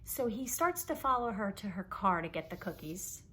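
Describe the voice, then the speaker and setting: A woman casually telling a story to camera, animated and exasperated, acting out the people she quotes. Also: medium pitch, moderate pace, slight background noise. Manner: animated, acts out quoted voices. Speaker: vlogger.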